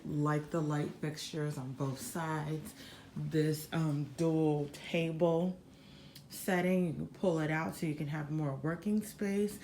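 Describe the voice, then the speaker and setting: A woman's voice: deep voice, a little mellow, slight background noise. A young woman giving a chatty, slangy hotel room tour in casual vlog style, with many fillers. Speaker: vlogger.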